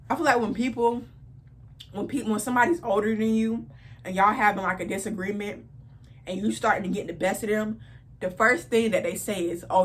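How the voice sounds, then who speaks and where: A woman in her twenties telling a personal story in a casual vlog, animated and repeating phrases for emphasis. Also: a little high. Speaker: vlogger.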